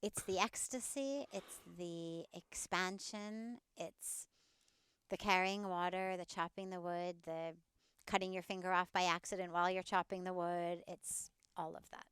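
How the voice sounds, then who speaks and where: A woman's voice: lowish voice, fairly even intonation, a little slow, clear, resonant tone, no echo. A woman spiritual teacher talking as a podcast guest outdoors, earnest and telling stories. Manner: warm, earnest storyteller. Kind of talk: casual interview talk and storytelling.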